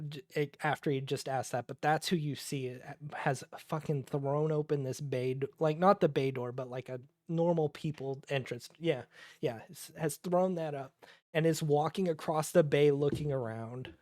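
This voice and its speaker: Tabletop game master, loose and profane narration, dry sound, mid pitch. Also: normal speed, darkish tone, dry recording. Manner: casual, profane, many fillers and restarts.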